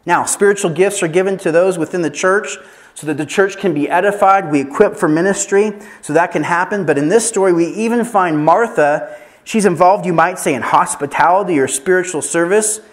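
A man with a high-pitched voice preaches at a training session, telling stories in an animated, chatty way. He laughs along with his own asides and pokes fun at himself. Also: a little fast. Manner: animated storytelling with laughter and self-deprecating asides. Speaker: pastor. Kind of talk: sermon at an evangelism training.

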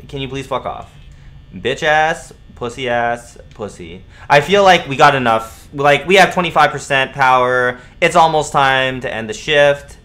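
A young man streaming a horror game, swearing, repeating himself and yelling at scares. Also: medium pitch, unhurried. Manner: profane, jumpy, repeats himself, yells at jumpscares. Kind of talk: live gameplay commentary.

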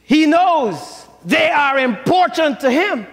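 An older man preaching a sermon as pastor, with shouted, rising emphasis and call-and-response to the congregation. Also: very high voice, very animated, takes it slowly, creaky. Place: church sanctuary. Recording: church sanctuary with long reverb.

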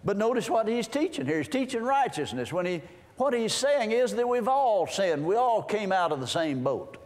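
A man's voice: sits high, sing-song, moderate pace, darkish tone. A man preaching a sermon in a folksy way, reading scripture aloud and explaining it. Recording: long hall reverb.

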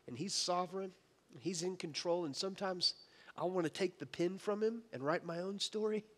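A man preaching a sermon as pastor, impassioned and conversational, with frequent restarts. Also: fairly high pitch. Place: church sanctuary. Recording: church hall reverb.

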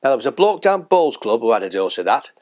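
A man's voice: medium pitch, very animated, quick pace, darkish tone, voice pushed down, close to an everyday voice. A man playing a stubborn, blunt older patient with a Yorkshire accent in a satirical sketch. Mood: grumbling. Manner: blunt, bossy, grumbling. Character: gruff old northern English patriot, stubborn.

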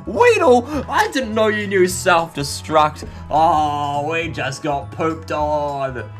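A young man giving excitable, goofy gameplay commentary as a channel host, yelping and shouting at sudden moments. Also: a little high, slow, faint music behind. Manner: goofy self-mocking banter.

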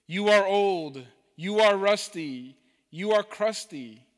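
A man's voice: high-pitched, expressive, slow, long reverb tail, voice pushed up. A man voicing a frightened little boat. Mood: pleading. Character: small frightened boat lost in a storm.

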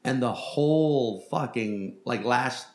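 A man hosting a comedy podcast, telling stories in a loose, profane, animated way. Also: mid-range voice, slow pace, echoey room. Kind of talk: casual comedic chat.

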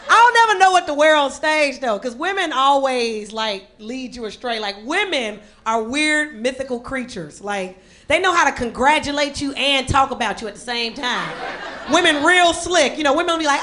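A young woman from Chicago doing a sassy, animated stand-up set on a club stage, jumping into high quoted voices for the people in her jokes. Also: normal speed, a little hiss or hum. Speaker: stand-up comedian.

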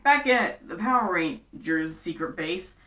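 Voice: mid-range voice, expressive, a little slow, fairly bright tone. A casual show recap vlogger, chatty and throwing in sarcastic asides. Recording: roomy echo, distant from mic.

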